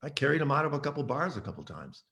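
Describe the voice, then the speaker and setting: A man's voice: a little high, sing-song, rapid-fire, gravelly, fairly bright tone. A man in his sixties, a guest saxophonist, telling stories in an interview and acting out the voices in them. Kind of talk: storytelling in an interview.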